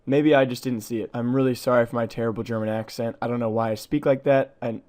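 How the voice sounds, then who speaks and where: Fast-talking man narrating a game video. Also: medium pitch, steady tone, a little mellow. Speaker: gaming channel host.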